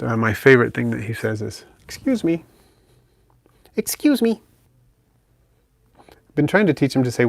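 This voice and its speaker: This is a gravelly, mid-range male voice on a pet channel livestream, recorded dry. He chats easily through viewer comments and murmurs softly to his pet bird.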